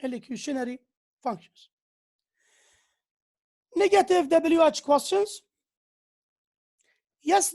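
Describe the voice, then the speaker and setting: A woman's voice: high voice, a little mellow. A woman lecturing on grammar who often repeats key phrases and reads out examples. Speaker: university lecturer. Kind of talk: slow lecture on English grammar.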